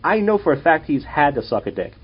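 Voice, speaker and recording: Fast, profane man. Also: on the high side, very animated, husky. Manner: rambling, profane storytelling. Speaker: podcast host and comedian. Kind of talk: casual podcast chat. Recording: dull lo-fi audio.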